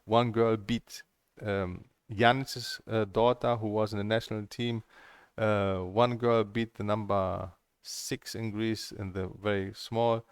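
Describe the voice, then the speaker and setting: A man's voice: on the low side, little pitch movement, slow, smooth, no echo. A middle-aged man, a table tennis coach, rambling candidly through stories and plans, swearing freely as he talks. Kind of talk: casual rambling monologue.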